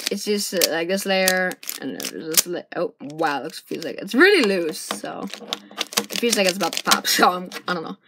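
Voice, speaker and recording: A woman casually chatting through an unboxing, excitable and rambling as she thinks aloud, recorded on a camera's built-in mic. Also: lowish voice. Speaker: vlogger unboxing puzzle cubes. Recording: noisy amateur camera recording.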